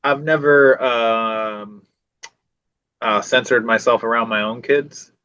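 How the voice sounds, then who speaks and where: A man's voice: mid-range voice, steady tone, slow, sharp tone, clear, resonant tone, muffled recording. A middle-aged man guesting on a podcast in a casual, joking chat, swearing freely.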